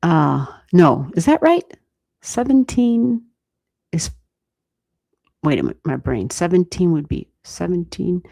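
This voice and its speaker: An American woman giving astrology readings on a livestream, thinking aloud and chatting with viewers in a relaxed way, with the odd swear word. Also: on the low side, takes it slowly, gravelly, long pauses. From United States. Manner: thinks aloud, talks to chat, mild swearing. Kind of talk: casual livestream chat.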